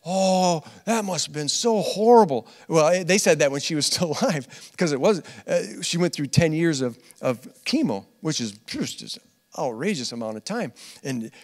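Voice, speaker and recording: A man preaching a conversational sermon as pastor. He is earnest, laughs often, repeats phrases, and swings from loud emphatic lines to quiet asides. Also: fairly high pitch, lively intonation, moderate pace, long reverb tail. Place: church hall.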